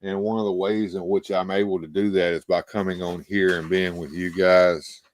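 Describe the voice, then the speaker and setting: A man hosting a casual livestream, tired and out of breath, talking in halting, rambling bursts full of fillers and restarts. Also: sits low, level tone, a little hiss or hum. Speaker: livestream host. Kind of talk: casual livestream chat, reading viewer comments.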